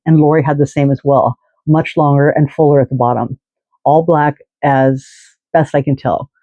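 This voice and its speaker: Rambling, chatty man with a mellow voice. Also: fairly high pitch, no room sound, muffled recording. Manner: rambling, chatty, many fillers and restarts. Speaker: fan podcast host. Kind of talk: casual storytelling.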